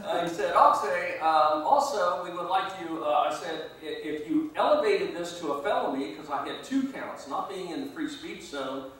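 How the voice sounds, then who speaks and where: A man's voice: a little high, animated, moderate pace, hardly any pauses, a bit bright. A man, a guest speaker at a meeting, telling a long rambling anecdote and chuckling at his own story. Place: meeting hall. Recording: echoey room from far off.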